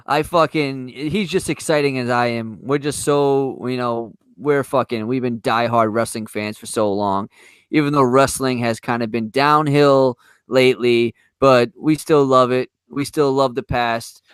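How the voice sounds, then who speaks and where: Dude hosting a podcast, cusses a lot, stops and starts, mid pitch. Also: male voice, steady tone, clean tone, no room sound. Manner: swears a lot, halting with restarts. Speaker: podcast host. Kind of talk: casual podcast chat.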